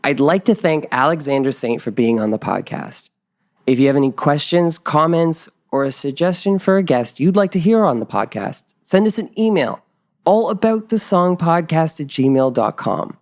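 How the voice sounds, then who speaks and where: A man's voice: on the high side, animated, moderate pace. A man hosting a podcast, giving short friendly reactions and reading the closing plugs. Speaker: podcast host. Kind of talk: casual interview and outro.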